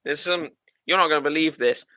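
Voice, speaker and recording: A man co-hosting a podcast, improvising a comedy sketch and chatting in an excitable, flustered way, laughing often. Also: fairly high pitch, a little fast, noisy background. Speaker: podcast co-host.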